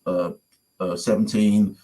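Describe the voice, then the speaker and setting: London man, low voice, animated storyteller, casual chat. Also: slow, rough recording. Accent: London English. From London, England. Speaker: guest musician.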